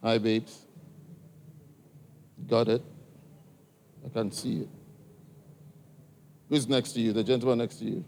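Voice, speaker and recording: A man's voice: medium pitch, steady tone, slow pace, long pauses, a little mellow, slight background noise. African-accented man questioning a crowd. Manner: coaxing, direct, asks the audience many questions. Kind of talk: live address to a crowd, questioning listeners.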